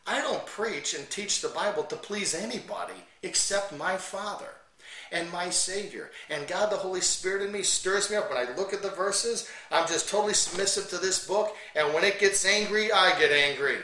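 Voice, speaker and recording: A man teaching the Bible as a fiery sermon, swinging from quiet intensity to loud, angry preaching and reading scripture slowly with heavy emphasis. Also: high voice, roomy sound, distant mic, poor audio.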